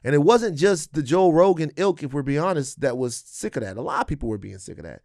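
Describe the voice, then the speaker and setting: A man co-hosting a podcast, talking politics in a casual, profane, animated way and acting out quotes. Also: fairly high pitch, quick pace, no echo, clean studio sound. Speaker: podcast co-host.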